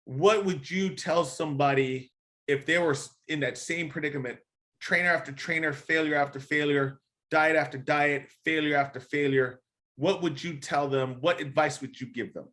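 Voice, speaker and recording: A man's voice: a little high, fairly even intonation, normal speed, fairly bright tone. A man hosting a podcast as a gym coach, talking in an earnest, passionate way that turns emotional. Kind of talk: casual podcast interview.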